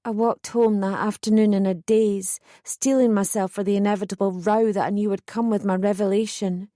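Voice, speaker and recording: A woman reading a first-person audiobook in measured, steady scripted narration. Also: medium pitch, dry recording, studio quality.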